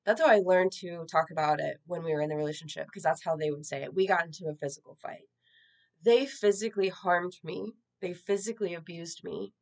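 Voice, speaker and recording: A woman shares a personal story in a candid, conversational way. Her voice sits a little low, and her delivery is earnest and reflective. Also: fairly quick. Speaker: social media creator.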